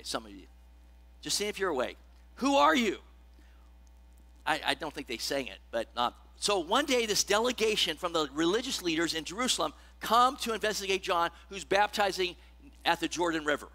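A pastor with a high-pitched, pushed and bright voice preaches a conversational sermon. He often checks in with the congregation and reads scripture with rising emphasis.

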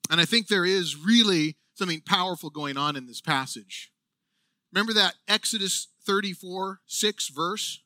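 High bright-voiced preaching man. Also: moderate pace, dry recording. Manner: earnest, animated preaching with emphatic asides. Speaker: pastor. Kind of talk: sermon.

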